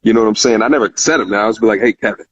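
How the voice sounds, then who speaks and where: Call-in show host, man, low voice, earnest and repetitive, muffled lo-fi sound. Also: racing, breathy edge. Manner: earnest, repeats phrases, many fillers. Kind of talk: casual heartfelt talk. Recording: muffled lo-fi recording.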